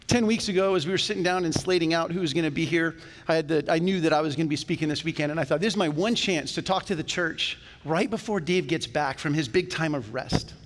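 Man, pastor, sermon, conversational and animated, slightly high voice, long church-hall reverb. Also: fast talker. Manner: conversational and animated, with jokes aside. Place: church sanctuary.

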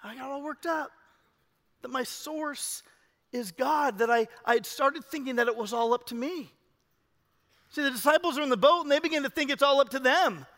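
A male pastor preaching a sermon in a church, animated, swinging between loud urging and hushed emphasis. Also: very high voice, moderate pace. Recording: long reverb of a large hall.

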